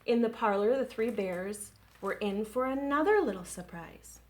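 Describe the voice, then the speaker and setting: Gentle woman reading to children. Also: mid-range voice, moderate pace, a little hiss or hum. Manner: gentle, expressive, engaging kids. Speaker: children's librarian. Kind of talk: children's story time reading.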